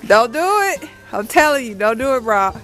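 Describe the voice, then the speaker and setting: A woman's voice: fairly high pitch, moderate pace, a bit bright, soft background music. A young mother filming her family in a snowy backyard, talking casually and teasing the kids with lots of laughter. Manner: playful, teasing, laughing often. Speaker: vlogger, mother.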